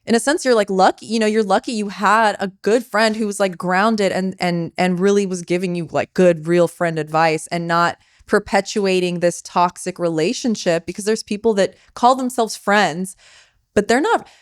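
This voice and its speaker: A woman's voice: mid-range voice, steady tone, moderate pace, no room sound. Chatty woman podcast host, dry close sound. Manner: chatty, encouraging, talks to the audience. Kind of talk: conversational interview.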